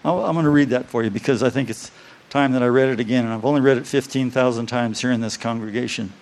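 A man preaching a sermon to his congregation, reading scripture slowly and stressing key phrases by repeating them. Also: mid-range voice, fairly even intonation, a little mellow. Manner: reads scripture aloud slowly. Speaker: pastor.

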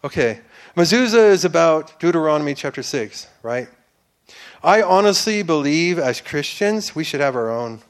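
A man's voice: fairly high pitch, lively intonation, normal speed. Earnest man giving a church testimony. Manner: earnest and rambling, with many restarts and fillers; builds to fervent, preacher-like declarations. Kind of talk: personal faith testimony.

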